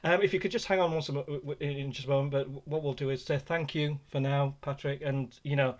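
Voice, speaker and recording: A man hosting a podcast in casual chat, friendly and halting, often restarting words. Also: medium pitch, steady tone. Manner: friendly, stammering, says mate a lot. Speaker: podcast host.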